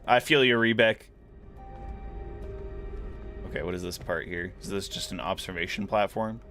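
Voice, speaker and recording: A man talks through a video game in a relaxed, wandering way, thinking aloud as he goes. His voice sits on the low side. Soft game music plays faintly underneath. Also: fast talker. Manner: musing aloud, relaxed, rambling. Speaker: gaming streamer. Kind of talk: casual gameplay commentary.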